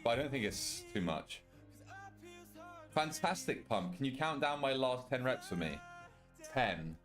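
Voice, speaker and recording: A man's voice: mid-range voice, animated, measured pace, a bit bright, faint music behind. A young British man, a streamer reading and answering his chat in loose, casual talk and swearing freely. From Britain. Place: walk-in wardrobe at home.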